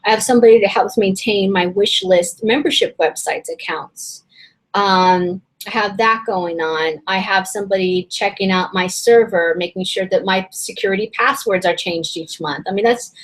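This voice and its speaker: A woman coach talks members through an online session in a loose, chatty way. She rambles and restarts her sentences with plenty of fillers, and her voice sounds slightly hoarse and worn. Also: mid-range voice, moderate pace, poor audio. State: voice a little hoarse and strained. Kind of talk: casual webinar teaching.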